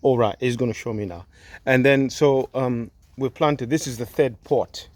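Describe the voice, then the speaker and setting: A man's voice: medium pitch, normal speed. A man hosting a casual gardening vlog outdoors, chatty and full of questions. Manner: chatty, asks lots of questions. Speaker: video host helping with gardening.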